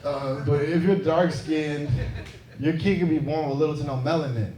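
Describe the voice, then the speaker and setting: Stand-up comic from Seattle, roomy club. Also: male voice, a little high, steady tone, normal speed, a little hiss or hum. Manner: conversational, teasing the crowd. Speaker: stand-up comedian. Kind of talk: stand-up comedy set. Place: comedy club stage with laughing audience. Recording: roomy club sound, loud crowd laughter.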